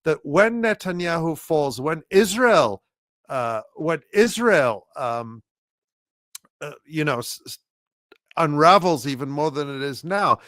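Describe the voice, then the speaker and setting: Male guest commentator, urgent and rallying, slightly higher pitch, dry close mic. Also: expressive, takes it slowly, a bit bright, no room sound. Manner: urgent, rallying, repeats phrases for emphasis. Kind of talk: impassioned political commentary.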